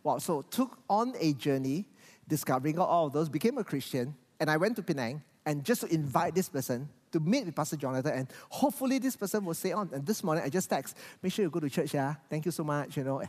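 This fast-talking pastor preaches with an animated voice that keeps rising and falling. Repeated words crop up often, while a lengthy echo from the church hall lingers behind him.

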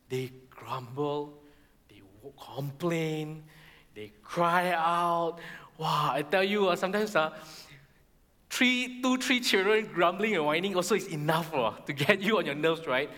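Male pastor, middle-aged, high bright voice, lively sermon, big church reverb. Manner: animated, acts out the Israelites' complaints in high voices. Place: church hall. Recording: long hall reverb.

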